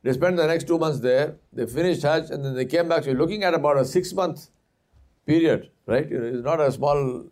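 A man gives a sermon as a story, with a fairly high voice. He tells it with animation and slips into voices for the people in the tale. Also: fairly quick, a little mellow. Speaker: preacher.

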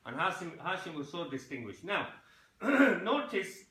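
A man's voice: high-pitched, sing-song, pushed and bright, roomy sound. A man teaching Islamic history as an informal lecture, often stumbling over and repeating words and checking in with his listeners. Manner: halting, repeats words and fillers; checks in with listeners, asking "yeah?".

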